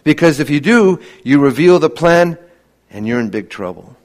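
Earnest preacher with a raised voice. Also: male voice, on the high side, expressive, moderate pace. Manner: earnest, many rhetorical questions, drops to a hushed voice for emphasis. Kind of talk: sermon.

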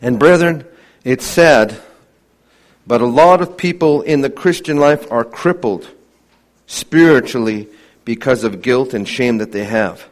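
A man preaching a sermon earnestly, asking many rhetorical questions and dropping to a hushed voice for emphasis. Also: mid-range voice, a little slow.

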